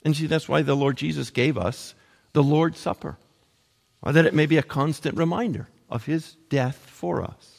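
A man preaching an expository sermon, slowing down for emphasis and dropping almost to a whisper on key phrases. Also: on the high side, gravelly, big-room sound.

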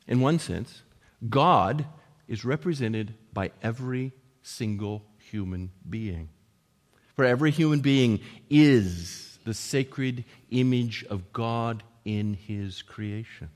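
A male preacher delivering a sermon in a church with a long, ringing reverb. He speaks earnestly at a middle pitch, pushing up for emphatic quotes and falling quiet at the close of each point. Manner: earnest, rising to emphatic quotes and dropping to hushed endings.

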